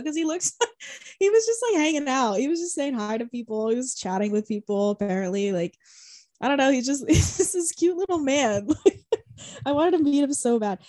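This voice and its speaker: A woman's voice: sits high, a little mellow, no room sound. A young woman telling a concert story in casual chat, rambling, saying "like" a lot, swearing and laughing often. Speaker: podcast co-host.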